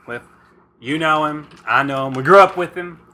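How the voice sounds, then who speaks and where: A man's voice: on the high side, normal speed, pushed and bright, a little hiss or hum, rough recording. A man co-hosting a casual comedy chat, telling rambling stories in a chatty way. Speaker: co-host.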